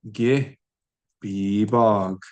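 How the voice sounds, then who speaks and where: A man with a fairly low voice runs a language lesson at an unhurried pace. He says each word aloud, repeats it patiently, then explains it in plain terms. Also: a little mellow. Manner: slow, patient, repeats words aloud for learners. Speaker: language teacher.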